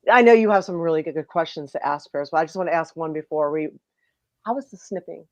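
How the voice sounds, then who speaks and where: A woman's voice: low-pitched, fast talker, no echo, lo-fi sound. A woman hosting a talk show, greeting chat viewers and teasing her guest with laughing questions. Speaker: host. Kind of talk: casual chat. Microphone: remote video call.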